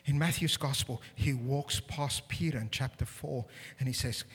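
Animated male preacher in a reverberant hall. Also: medium pitch, moderate pace, breathy edge. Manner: animated, rising to loud emphatic peaks; humorous, self-deprecating asides. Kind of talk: sermon.

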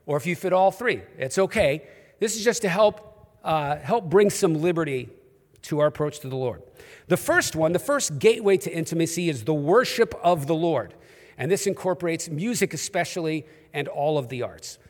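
High-voiced pastor preaching in a reverberant hall. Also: male voice, lively intonation, normal speed, darkish tone. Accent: New York. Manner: humorous, conversational storytelling. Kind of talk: sermon. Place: church auditorium.

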